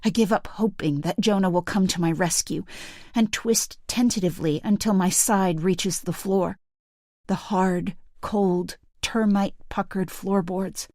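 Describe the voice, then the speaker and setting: A woman narrating a thriller audiobook in the first person, measured and hushed, on a close studio mic. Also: mid-range voice, steady tone, no echo.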